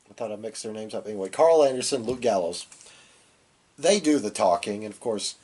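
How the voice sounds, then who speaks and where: A man's voice: on the low side, expressive, a little fast, a little mellow, slightly rough. A man co-hosting a podcast, giving a loose, rambling recap of a wrestling show while getting over a cold. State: has a cold, coughing. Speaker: podcast co-host.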